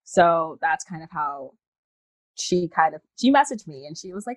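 A woman actor being interviewed over a video call, an animated storyteller who laughs and slips into voices. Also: deep voice, moderate pace, dry recording, low-quality recording. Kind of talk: casual interview chat.

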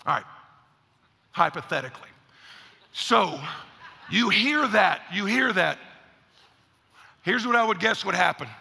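A man preaching a sermon as pastor, animated, acting out grumbling voices. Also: high-pitched, measured pace, creaky, long pauses, breathy edge. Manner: animated preacher, acts out complainers in raised voices. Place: church sanctuary. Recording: long hall reverb.

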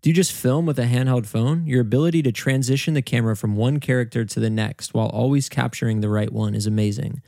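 A man's voice: mid-range voice, fast, gravelly, hardly any pauses, mellow, no room sound, studio quality. A young man co-hosting a casual podcast, easygoing and teasing as he runs through listener questions. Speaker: podcast co-host. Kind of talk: casual chat.

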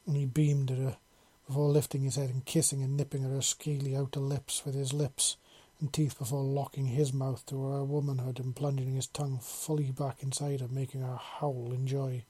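A man narrating a fantasy story in a measured, unhurried way. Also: medium pitch, flat delivery, mellow, husky.

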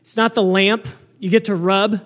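A young man with a strikingly high voice delivers a sermon. He talks to the congregation conversationally, asking rhetorical questions and driving his points home with energy. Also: flat delivery, normal speed, fairly bright tone. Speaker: pastor.

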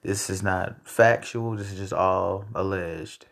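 Low gravelly man ranting casually. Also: takes it slowly. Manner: loose, profane, rambling, animated outbursts. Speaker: podcast host. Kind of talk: casual solo commentary.

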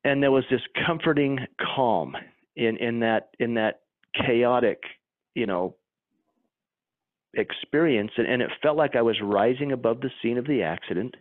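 An earnest man tells a personal story as an interview guest, stumbling and restarting as he searches for words. His voice sits at a middle pitch and comes through a thin, tinny phone line. The sound is dry, with no room around it. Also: no echo. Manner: earnest, halting, many restarts. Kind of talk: emotional personal account.

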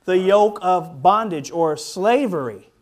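A man with a high voice preaches to his congregation. He is fervent and builds to exclaimed hallelujahs, then eases down when he explains. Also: lively intonation, takes it slowly. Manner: ends in a soft, low closing prayer. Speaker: pastor. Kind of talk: sermon.

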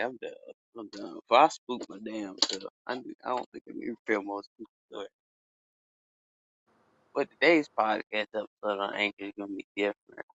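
A man tells a story on his casual podcast. He swears a lot, and his pitch swings widely as he breaks into sudden loud exclamations. The recording sounds dull and lo-fi. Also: gravelly, background noise. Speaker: podcast host.

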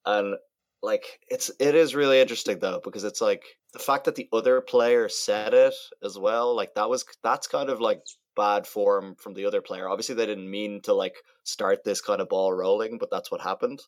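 A man's voice: lowish voice, fairly even intonation, moderate pace, no room sound. A man in casual podcast chat, talking things through in a thoughtful, hedging way.

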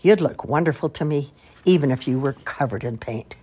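An older woman voicing a weary, gallant father elephant in a storybook reading, mild and gentle. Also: deep voice, fairly quick, slightly rough.

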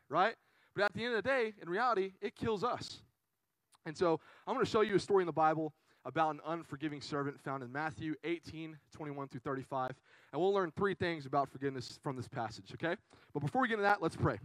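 A young man preaching to a youth group, telling a funny story in an animated, chatty way with lots of "right?". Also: fairly high pitch, fast, no echo, poor audio. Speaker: youth pastor. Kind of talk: casual storytelling sermon.

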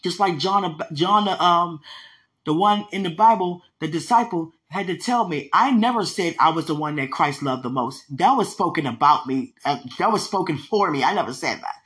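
A woman's voice: lowish voice, expressive, moderate pace, a bit bright. A woman preaching in an emphatic, conversational way, teaching from a dream with repeated phrases. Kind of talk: sermon-style teaching about a dream.

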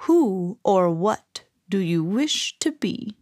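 Woman doing a magic lizard, slow, solemn, low, storybook, dry sound. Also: sing-song, a little mellow, no echo.

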